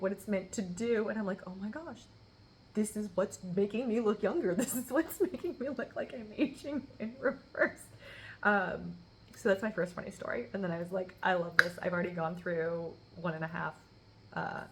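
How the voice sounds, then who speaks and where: A woman's voice: lowish voice, a little hiss or hum, low-quality recording. A woman in her thirties chatting casually through a skincare review, laughing often and acting out bits of remembered dialogue. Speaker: beauty vlogger.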